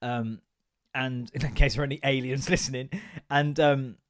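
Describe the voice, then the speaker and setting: Brief: young male podcaster, mid-pitched, rambling and self-mocking, lots of swearing. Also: fairly even intonation, normal speed. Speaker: podcast host. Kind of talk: casual solo podcast chat.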